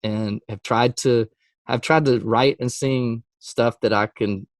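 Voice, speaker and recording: A Christian music artist with a mid-pitched voice tells a story slowly in a relaxed interview. He performs every quote with jumps in pitch and laughs often, and the sound is dry and close with no echo.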